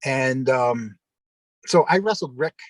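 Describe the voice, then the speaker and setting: A man's voice: mid-range voice, expressive, slow pace, no room sound, poor audio. A middle-aged man, a former pro wrestler, telling rambling stories on a video call and acting out the voices of the people he quotes. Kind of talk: casual anecdotal storytelling.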